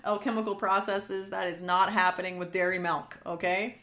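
A woman's voice: medium pitch, flat delivery, normal speed, a bit bright. A woman hosting a casual podcast, bubbly and chatty, saying "like" a lot and laughing easily. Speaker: podcast host.

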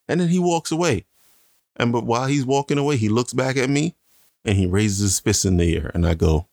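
A man's voice: mid-range voice, animated, fairly quick, gravelly, a little mellow, no echo, clean studio sound. A man co-hosting a casual chat, a father bragging in a playful, mock-serious way. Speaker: podcast co-host, father.

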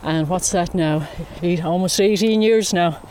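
A woman's voice: on the low side, a little mellow, slight background noise. A woman in her fifties with an Irish accent, a photographer chatting as a guest while walking outdoors by a lake. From Ireland. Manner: chatty storyteller, unhurried. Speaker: interview guest, wildlife photographer. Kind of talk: casual chat.

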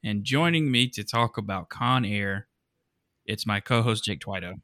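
Guy from alabama hosting a movie podcast, bright voice, laughs a lot, dry close mic. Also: lowish voice, moderate pace, dry recording. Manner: laughs often, chatty. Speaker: podcast host. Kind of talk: casual movie podcast chat.

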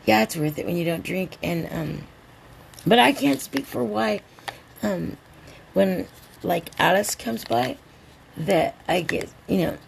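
A woman hosting a rambling solo podcast, a little drunk and stoned, drawling along and breaking into excited outbursts. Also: medium pitch, vocal fry, slight background noise. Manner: tipsy, meandering, slow drawl with sudden excited outbursts. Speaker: podcast host.

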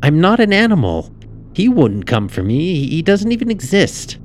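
A man's voice: a little high, wildly swooping pitch, moderate pace, a little hiss or hum, voice pushed up. A man voicing a whiny young girl who scolds her twin sister. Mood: indignant. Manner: pleading, scolding.

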